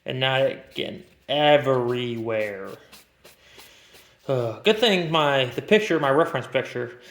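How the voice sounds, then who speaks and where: A man's voice: mid-range voice, animated, unhurried. A man narrating his woodworking project in a rambling, casual way, talking to himself as he works. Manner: drops into a hushed whisper while doing delicate work. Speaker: woodworking vlogger. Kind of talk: casual talk while working.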